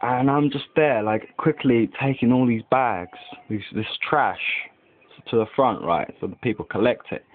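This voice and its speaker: Here a young vlogger with a mid-range voice and moderate pace chats casually at home near a window, rambling with constant "like" and lots of profanity. The sound is tinny, lo-fi webcam audio.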